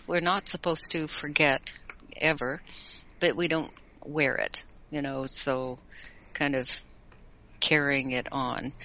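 A woman and regular guest giving card readings in a casual live-stream chat, gentle and encouraging, laughing easily. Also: deep voice, muffled recording.

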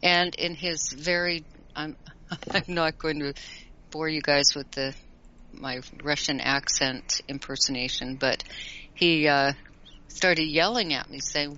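A woman and regular guest giving card readings in a casual live-stream chat, gentle and encouraging, laughing easily. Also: sits low, steady tone, slow pace, dull audio.

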